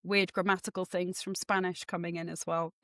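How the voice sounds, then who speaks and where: A woman from Norfolk, England, with a mixed English and mid-Atlantic accent, chatting about her work as a guest in a self-deprecating, animated way. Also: lowish voice, a little fast, no echo. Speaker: guest author and development economist. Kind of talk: casual interview chat.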